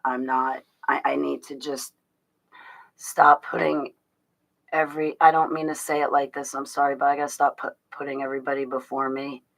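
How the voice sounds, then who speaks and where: A woman's voice: a bass voice, little pitch movement, moderate pace, creaky, low-quality recording. A woman hosting a casual livestream, rambling and confiding in her viewers, with restarts and laughs. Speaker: livestream host talking to her chat.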